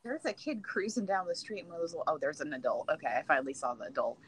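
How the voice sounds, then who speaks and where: A woman's voice: deep voice, very animated, quick pace, breathy edge. A woman guesting on a casual live stream, bantering playfully and laughing easily. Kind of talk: casual chat.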